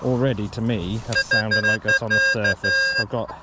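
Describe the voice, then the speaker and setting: Loud music plays behind a man with a somewhat low voice and fairly even intonation who speaks at a moderate pace. He casually sets up and uses a metal detector in an open farm field, rambling hesitantly with lots of ums and restarts.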